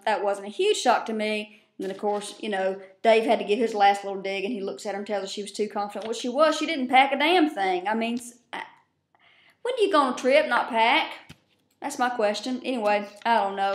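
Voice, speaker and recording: A woman casually recapping a show on her vlog, chatty, profane and quick to laugh, recorded on a webcam at her desk. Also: fairly high pitch. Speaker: vlogger. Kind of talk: casual chat. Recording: roomy echo.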